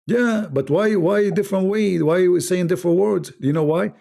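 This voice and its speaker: A man's voice: high-pitched, moderate pace, vocal fry, mellow. A man hosting a heated live online debate, arguing in broken English, cutting in and repeating phrases to make his point. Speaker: debate host.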